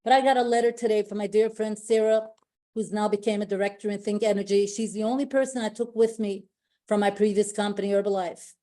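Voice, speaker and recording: A woman's voice: medium pitch, steady tone, quick pace, warm tone. A woman giving an emotional, effusive motivational speech to her company team on a call, often repeating herself and restarting sentences.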